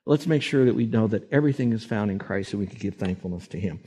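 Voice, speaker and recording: A man's voice: mid-range voice, expressive, fast, few pauses, mellow, breathy edge. Emphatic male preacher. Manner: emphatic, acts out quoted voices. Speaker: pastor. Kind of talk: sermon.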